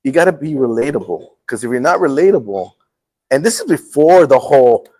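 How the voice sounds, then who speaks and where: Animated man telling a story as host. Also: medium pitch, brisk, poor audio. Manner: animated, acts out quotes with laughs. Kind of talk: casual storytelling chat.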